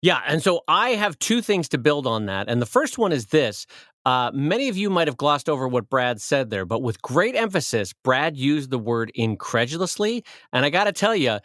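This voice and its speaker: A man's voice: mid-range voice, big pitch swings, moderate pace, a bit bright, no echo, soft background music. A man co-hosting a cartoonists' podcast, talking shop with playful teasing and mock-grand praise. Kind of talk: casual shop talk.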